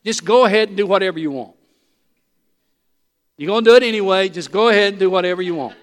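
Exasperated, sarcastic king, put on by a preacher mid-sermon, a high male voice in a reverberant hall. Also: very animated, measured pace. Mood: dismissive. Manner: impatient, dismissive, sarcastic. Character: exasperated adult male king, curt and irritated.

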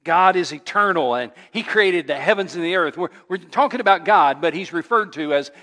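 A man preaching as a pastor, telling a funny story with animated delivery before his sermon. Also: high-pitched, fairly quick. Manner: animated storyteller who laughs at his own tale. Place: church sanctuary. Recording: long church reverb.

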